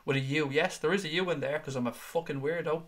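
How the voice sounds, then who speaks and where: A man's voice: fairly high pitch, quick pace, a bit bright. A man hosting a live fan show, chatting casually and swearing as he reads viewer comments and jokes with his co-hosts. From Ireland. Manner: chatty, jokey and profane, teasing his co-hosts.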